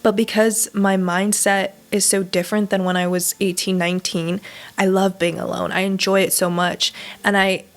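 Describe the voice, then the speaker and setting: A woman's voice: mid-range voice, little pitch movement, moderate pace. A woman in her twenties from Southern California, talking candidly in a personal vlog with a casual, emphatic manner and plenty of swearing and fillers. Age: 20s. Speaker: vlogger.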